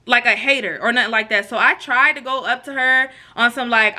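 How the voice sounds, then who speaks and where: A woman with a bright, forceful voice pitched a little high tells a storytime straight to her viewers. She is animated and slangy and acts out each quote as she goes. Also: a little fast, few pauses. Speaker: storytime vlogger. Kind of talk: casual storytime addressed to viewers.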